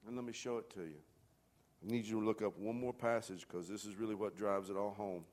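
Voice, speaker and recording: A pastor preaching a sermon to his congregation with emphatic delivery, swinging from loud calls down to hushed near-whispers and asking the room direct questions. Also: on the low side, fairly even intonation, brisk.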